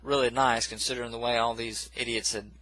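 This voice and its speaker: A man's voice: mid-range voice, flat delivery, a little fast, bright, forceful tone, dry recording, rough recording. A man casually recapping a film plot in a rambling, self-correcting way, with dismissive asides. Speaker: movie reviewer.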